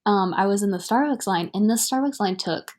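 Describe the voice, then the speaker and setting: A woman's voice: mid-range voice, brisk, darkish tone. Frank young woman telling an anecdote. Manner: frank, laughing storyteller. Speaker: podcast co-host. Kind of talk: casual chat.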